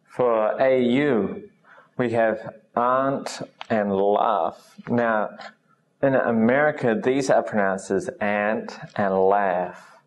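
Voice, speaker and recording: A man teaching English pronunciation in a recorded lesson, saying each sound slowly and patiently. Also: on the low side.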